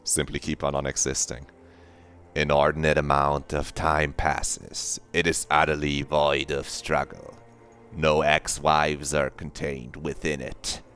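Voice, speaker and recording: A man voicing a slow, hushed, brooding primal inner voice as he reads a game's narration aloud. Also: very deep voice, flat delivery, voice pushed down, full character voice. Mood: lulling. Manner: slow, hushed, solemn reading.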